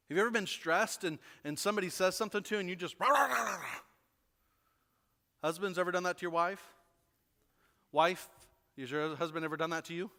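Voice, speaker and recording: A man preaching a sermon as pastor, animated, often repeating words and asking the congregation questions. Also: fairly high pitch, long reverb tail. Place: church sanctuary.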